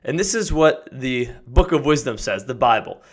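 A man hosting a podcast, giving an energetic, emphatic motivational talk that builds to excited shouts. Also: mid-range voice, normal speed. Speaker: podcast host.

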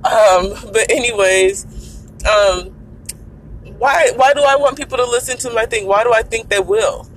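Woman podcast host, raspy morning voice, casual and chatty, recorded in her moving car with faint road noise. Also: fairly high pitch, normal speed, poor audio. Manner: chatty, addresses listeners directly as y'all. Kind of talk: casual solo podcast talk. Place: in her car while driving. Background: faint road and blinker noise.

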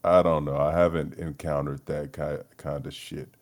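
Very deep-voiced man ranting casually. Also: level tone, normal speed, a little mellow. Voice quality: profane, rambling, laughs often. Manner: low-energy, mumbling, trailing off. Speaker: podcast host. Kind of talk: solo casual rant.

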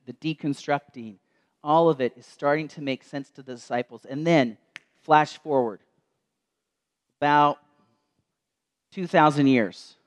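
Preacher, male, mid-pitched, reflective storyteller, slows down on key lines. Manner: storytelling, slows and softens for quoted words. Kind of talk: sermon. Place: church.

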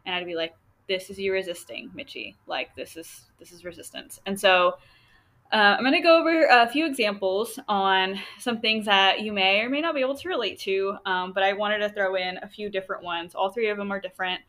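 A young woman hosts a solo podcast, her medium-pitched voice brisk and a bit bright. She chats in a rambling way, full of fillers and light laughter.

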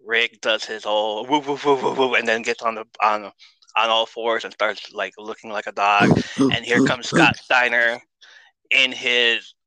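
A man tells a rambling, excitable story as a podcast guest, swearing freely and restarting his sentences. His voice is very bright and sharp. The recording is close and dry. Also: on the low side, measured pace, dry recording, rough recording. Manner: excitable, profane, with frequent restarts. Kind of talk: casual storytelling.

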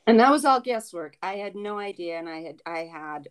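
A mother hosting a casual chat for her viewers, speaking in an earnest, halting way with many restarts. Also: mid-range voice, expressive, clean tone, poor audio. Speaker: channel host, mother.

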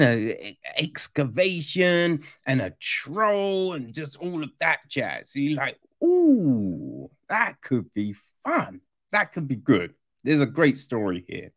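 A man giving a casual, rambling film review rant, exasperated and swearing freely. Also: mid-range voice.

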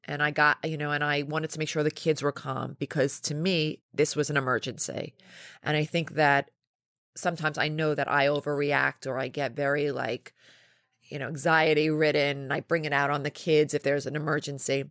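A woman in her forties, a podcast guest, telling lively stories in casual chat with quick restarts and laughs. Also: low voice, no room sound, studio quality. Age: 40s. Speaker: podcast guest, company founder.

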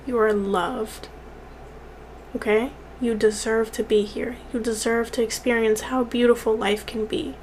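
A woman's voice: on the high side, a little hiss or hum. A young woman vlogger speaking earnestly to the camera, repeating words for emphasis, at times tearful. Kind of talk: heartfelt direct-to-camera encouragement.

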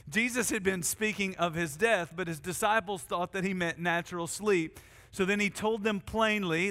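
A male pastor delivers a sermon in a high, bright voice. He speaks earnestly and with emphasis, slowing right down on the words he wants to land. His voice rings out with a long reverb, as if filling a big hall. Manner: earnest, emphatic, slows down to stress key words.

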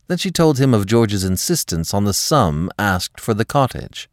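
Male narrator for an audiobook, very deep, lively delivery, dry close sound. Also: no echo. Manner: expressive, measured reading. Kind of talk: scripted story narration.

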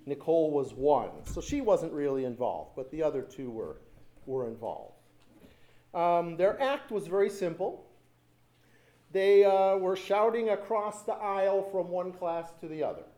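A man's voice: high-pitched, animated, measured pace, mellow. A man preaching a sermon as pastor, telling stories with animation and repeating lines for emphasis.

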